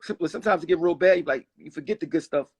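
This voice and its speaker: A man's voice: on the high side, quick pace, darkish tone, breathy edge. A man in his forties from Philadelphia, telling personal stories in a rambling, emphatic way, full of restarts and "you know what I mean.". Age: 40s. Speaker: guest rapper. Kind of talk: candid personal storytelling.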